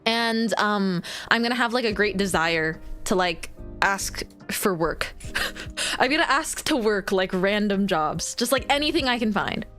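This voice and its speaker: A woman's voice: medium pitch, lively intonation, a little slow, fairly bright tone, soft background music. A woman streamer chatting casually to her viewers, bubbly and giggly, rambling between thoughts. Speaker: VTuber streamer.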